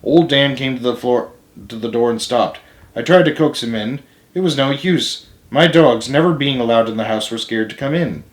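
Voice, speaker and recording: A man's voice: medium pitch, moderate pace. Man reading a novel aloud in a roomy space. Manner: plain steady reading with small self-corrections. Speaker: storyteller. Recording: roomy echo.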